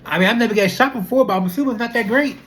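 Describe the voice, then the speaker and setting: A young adult speaker, chatting straight to camera. The talk is loose and animated, looping through rhetorical questions and repeated fillers. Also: mid-range voice, rapid-fire. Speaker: vlogger. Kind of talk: casual talking-to-camera monologue.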